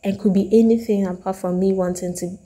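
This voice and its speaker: A woman's voice: mid-range voice, a little fast. Emphatic woman with a Ghanaian accent. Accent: Ghanaian English. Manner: emphatic, animated, acts out quoted lines. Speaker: reality TV reviewer. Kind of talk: opinionated review monologue.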